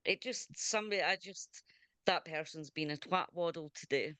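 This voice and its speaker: A woman's voice: low-pitched, pushed and bright. A Scottish woman hosting a radio show, chatting enthusiastically with a guest over a video call. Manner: chatty and enthusiastic, quick to laugh. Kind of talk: casual video interview chat.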